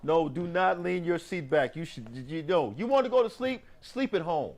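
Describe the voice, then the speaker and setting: A man's voice: on the high side, expressive, moderate pace, darkish tone. A man co-hosting a casual after-show chat, ranting animatedly with many restarts. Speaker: morning show co-host.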